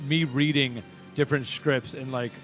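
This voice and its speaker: A man's voice: medium pitch, steady tone, normal speed, fairly bright tone, faint music behind. A man co-hosting a podcast in casual chat, often stammering and restarting his sentences. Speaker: podcast co-host.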